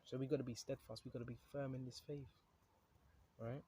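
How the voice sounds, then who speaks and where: A man's voice: medium pitch, level tone, brisk, mellow, slightly rough. A man teaching from the Bible in a casual, conversational way, reading scripture aloud and often checking in with "right?". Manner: conversational, keeps asking "right?"; reads scripture aloud between comments. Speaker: preacher.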